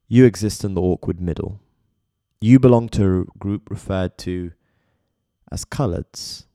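A man reading scripted biographical narration in a measured way, speaking straight to the listener. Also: lowish voice, mellow, clean tone, dry recording, studio quality. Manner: measured, addresses listener directly. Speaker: documentary narrator.

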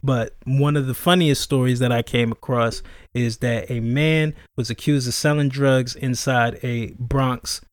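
A man in his thirties with a mid-pitched, laid-back voice, talking in easy slang and often repeating himself. He steers the conversation as host. The sound is close and dry, with no room. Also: steady tone, a little slow, no echo. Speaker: podcast host. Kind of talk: casual chat.

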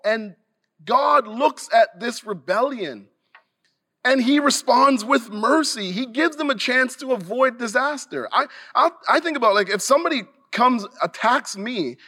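Man, pastor, sermon, high voice, slow delivery, earnest, emphatic. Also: fairly bright tone. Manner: earnest, emphatic preaching with restarts.

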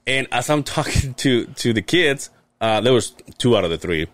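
A man's voice: medium pitch, lively intonation, moderate pace, no room sound. A man telling a long, rambling story in casual podcast chat, swearing and restarting often. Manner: rambling, profane, many restarts. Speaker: podcast co-host.

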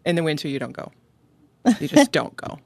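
A woman's voice: deep voice, big pitch swings, fairly quick, gravelly, darkish tone, no echo. A middle-aged woman from upstate New York, a podcast guest chatting casually, answering in short replies and laughing often. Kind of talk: casual interview conversation.

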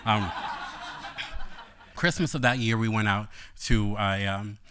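A man telling a personal story on stage, animated and playful, later quiet and reflective. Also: lowish voice, takes it slowly, background noise.

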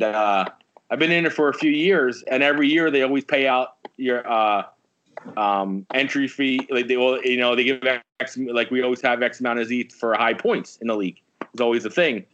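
A man's voice: medium pitch, slight background noise. A man in casual sports chat, telling a story with plenty of swearing. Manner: animated storyteller, swears a lot. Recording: dull lo-fi sound.

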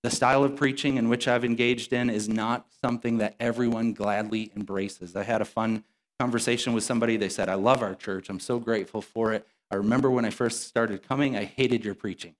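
A man's voice: medium pitch, steady tone, a little fast. A man preaching a sermon as pastor, explaining his points in a conversational way with occasional restarts. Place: church sanctuary.

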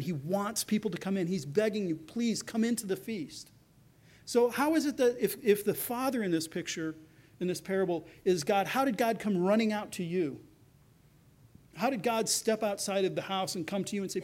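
Male pastor, higher voice, earnest sermon that acts out quoted speech. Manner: earnest, acts out quoted voices, drops soft for tender lines.

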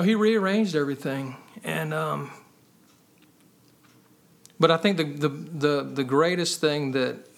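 A man's voice: medium pitch, creaky, a bit bright. A man sharing his personal testimony as a podcast guest, earnest and conversational, often adding "man" and "you know.".

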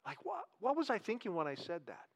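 High-voiced pastor preaching conversationally. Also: male voice, wildly swooping pitch, creaky. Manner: conversational preaching, asks the congregation questions, slows down for emphasis. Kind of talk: sermon.

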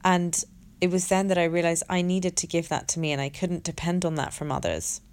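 A woman sharing a personal story in a candid monologue, reflective and halting, with many restarts and fillers. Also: lowish voice, darkish tone, clear, resonant tone. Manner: earnest and open, swears casually.

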